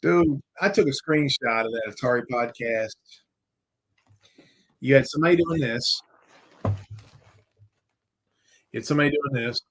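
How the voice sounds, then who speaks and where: A man's voice: medium pitch, a little slow, long pauses, low-quality recording. A man hosting a live podcast, chatting casually in a rambling, jokey way and swearing now and then. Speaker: podcast host. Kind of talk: casual live-stream chat.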